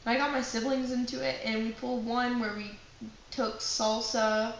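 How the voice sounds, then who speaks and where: A young woman spins a funny anecdote for her class, chatty and full of asides. Her voice sits a bit high and bounces around a very echoey room, with a faint hiss underneath. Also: moderate pace. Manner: animated, chatty storytelling with many asides. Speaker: acting class student. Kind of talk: personal anecdote told to a class.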